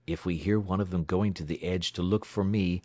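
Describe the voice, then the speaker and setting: A man voicing a tough, hot-tempered railroad worker in an adventure audiobook. He barks sharp commands in a low voice, recorded dry and close. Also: fairly even intonation, brisk, no echo. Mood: steady.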